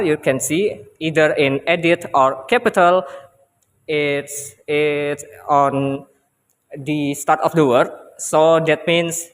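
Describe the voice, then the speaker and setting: Slow, hesitant young Indonesian man presenting. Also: a little high, in a large hall. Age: young adult. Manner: hesitant, often repeats himself. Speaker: student presenter. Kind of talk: classroom presentation.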